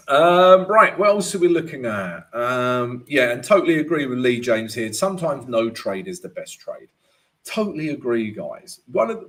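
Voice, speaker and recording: A man hosting a live trading lesson, casual and chatty, often checking in with "right?" and addressing viewers as guys. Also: medium pitch. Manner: laughs at his own jokes. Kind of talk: live chart analysis and viewer Q&A.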